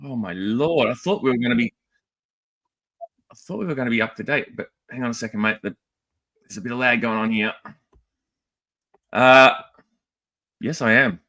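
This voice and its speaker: A man's voice: medium pitch, normal speed, pauses often. An Australian man co-hosting a casual toy livestream, joking around and greeting people in the chat one after another. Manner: lively, jokey, rattling off greetings.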